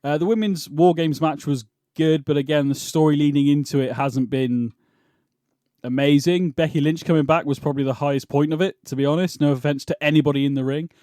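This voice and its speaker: A man with a British accent hosting a podcast, chatting casually about wrestling in a dry, deadpan, laid-back way. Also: on the high side, brisk, no room sound. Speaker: podcast host.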